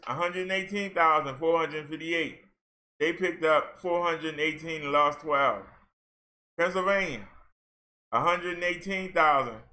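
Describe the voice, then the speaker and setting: Male vlogger, high voice, sarcastic ranting commentary. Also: bright, forceful tone. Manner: sarcastic, talks back at the figures he reads. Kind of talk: ranting commentary over case numbers.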